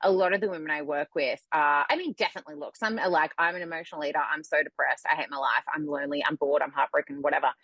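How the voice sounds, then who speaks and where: A woman with a low, husky voice talks candidly in a relaxed podcast chat. Her delivery is dry and close, with no room sound around her. She often slips into lively quoted voices to make her point. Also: quick pace, hardly any pauses, no echo, lo-fi sound. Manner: candid, animated when acting out quotes. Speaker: guest, food coach. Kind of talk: casual conversation.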